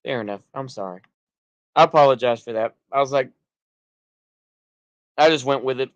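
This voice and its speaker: In a dry, lo-fi recording, a man from the United States with a Texan accent talks at a moderate pace in a medium pitch. This streamer seems somewhat drunk as he responds to chat, wandering through loose restarts and unfinished sentences.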